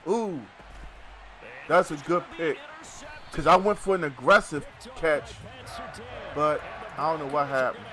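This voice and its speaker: High-voiced man chatting on a game stream. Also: unhurried, long pauses, crowd noise. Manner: loose, joking, chatty with viewers. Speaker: gaming streamer. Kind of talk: casual live-stream chat while playing.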